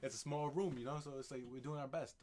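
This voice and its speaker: Fast-talking loud American guy. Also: fairly high pitch, steady tone, a crowd in the background. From United States. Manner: loud, upbeat, quick talker. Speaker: podcast co-host. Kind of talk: casual chat.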